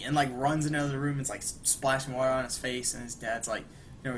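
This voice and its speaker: A man's voice: medium pitch, fast talker. Man, young adult, podcast co-host, rambling recap, acted-out quotes, faint background noise. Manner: rambling, acts out quoted lines with animated bursts. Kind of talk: casual chat, retelling an episode.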